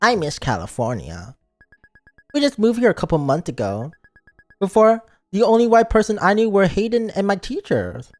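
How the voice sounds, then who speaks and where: A homesick teenage schoolgirl, new to town, given a plain read by a man. The pitch moves a lot, and soft music plays underneath. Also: big pitch swings, moderate pace, no echo, studio quality. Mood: wistful.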